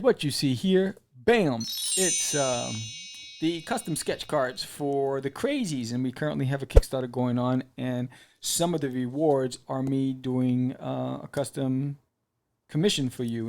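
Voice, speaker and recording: A man's voice: medium pitch, creaky. A man hosting a podcast, casually retelling and reviewing a comic with lots of fillers and acted-out lines. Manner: animated storyteller, acts out character lines, many fillers.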